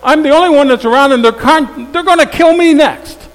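A man doing a whiny prophet guy, squeaky high and loud, moaning that everyone's out to get him, big echoey hall with a low hum. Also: a little fast. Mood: whining. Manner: high, loud whining complaint. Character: self-pitying male prophet, complaining and desperate. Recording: long hall reverb with faint hum.

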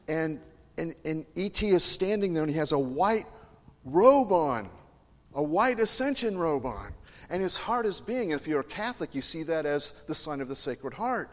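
A man's voice: fairly high pitch, animated, normal speed. A male pastor preaching a sermon in a chatty, digressive way, joking with and questioning his congregation. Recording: long reverb in a large hall.

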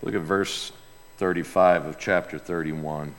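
A male pastor preaching a sermon in a church, emphatic and dramatic, dropping to quiet asides and then rising to loud outbursts. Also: low voice, fairly even intonation, a little slow. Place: church sanctuary with a sound booth. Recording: long reverb in a large hall.

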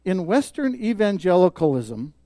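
A man preaching a sermon as pastor, emphatic, swelling loud on key points and dropping soft. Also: sits high, sing-song, moderate pace, no echo.

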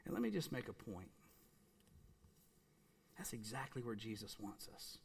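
A man preaching a sermon, earnest and emphatic, repeating phrases and dropping suddenly to a soft, quiet voice. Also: fairly low pitch, very animated, normal speed, vocal fry, slightly rough. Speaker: pastor.

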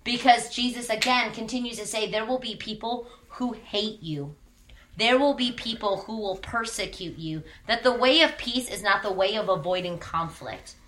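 Woman pastor preaching, chatty and real, bright voice, echoey church room. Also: mid-range voice. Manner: candid, conversational preaching with emphatic repetition. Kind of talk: sermon.

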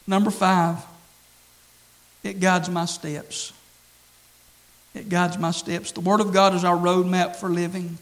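A man's voice: sits high, gravelly, a bit bright, rough recording. A man preaching a sermon as pastor, earnest and repetitive, quoting scripture and stressing key phrases.

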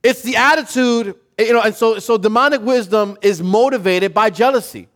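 Guy preaching, pretty high voice, casual and fired up, lots of repeating himself. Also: moderate pace. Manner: casual, animated preaching with slang and repetition. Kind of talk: sermon.

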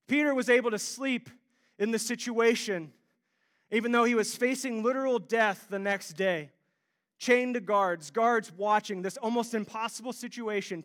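A young man from Ohio preaching a sermon, telling animated stories with self-deprecating humor. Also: high voice. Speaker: pastor.

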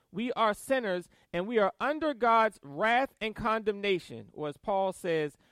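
A man preaches with a high, lively voice that swings up and down as he reads verses and presses each point home. He breaks into quick asides and soft laughs. The sound is dry and close, with no room echo. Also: clean tone. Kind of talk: sermon. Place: church service.

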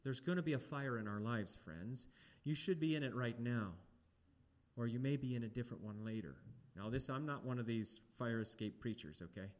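A man preaching a sermon, animated and talking straight to the congregation with questions. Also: mid-range voice, moderate pace.

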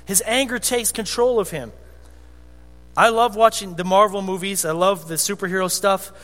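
A man preaching a conversational, animated sermon as a pastor in a church sanctuary. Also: high-pitched, moderate pace. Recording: long hall reverb with faint music.

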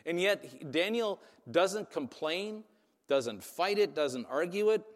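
A man's voice: sits high, expressive, takes it slowly, long reverb tail. A man preaching a sermon in a casual, conversational way, often asking "right?" to his listeners. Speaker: pastor.

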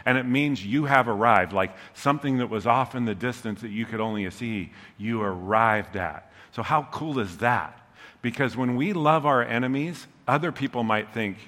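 A pastor delivers a sermon with a bright, forceful voice. He is humorous and chatty and keeps checking in with listeners. His voice rings out with the long echo of a big church hall. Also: mid-range voice, expressive, normal speed. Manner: humorous, conversational, often checks in with "okay?". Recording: long reverb of a large hall.

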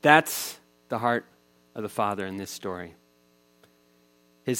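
A man's voice: lowish voice, unhurried, pauses often, fairly bright tone, clean tone. A man in his thirties preaching a sermon, telling a family story in a casual, conversational way. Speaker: pastor.

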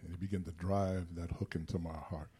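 A man's voice: sits low, flat delivery, fairly quick, mellow, slightly rough. A man giving an earnest personal testimony in a church service before a worship song. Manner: earnest storytelling, exhorting.

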